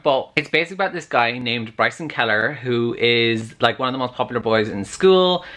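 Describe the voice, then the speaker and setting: A young man talking casually in a book vlog from his reading nook, chatty and excitable, full of "like". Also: medium pitch. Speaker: book vlogger.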